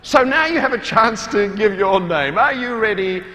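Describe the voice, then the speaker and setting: A man with a New Zealand accent giving a humorous talk to a large hall audience, animated and playful, with loud acted-out quotes. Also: high voice, normal speed. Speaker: motivational speaker. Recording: reverberant hall, faint room noise.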